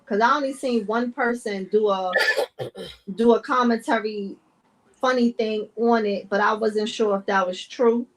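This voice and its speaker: High-voiced woman in casual chat. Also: a little slow. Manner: animated, repeats points for emphasis. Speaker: podcast co-host.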